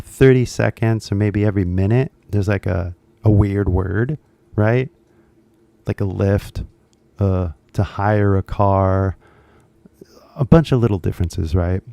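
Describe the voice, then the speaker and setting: A man's voice: lowish voice, warm tone, no room sound. A man with an American accent hosting a casual question-and-answer chat, rambling with lots of fillers. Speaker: host.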